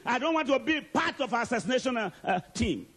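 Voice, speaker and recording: A preacher voicing the anxious disciples as they warn Jesus in fretful, pleading tones. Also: male voice, very high voice, animated, moderate pace, a bit bright, pitched above the performer's own voice. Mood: worried.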